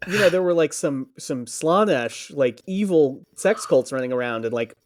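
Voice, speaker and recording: This man's voice is a little high and expressive, his pace moderate. Co-hosting a podcast, he riffs on fantasy lore with heavy profanity and lots of jokes in a loose, rambling conversation.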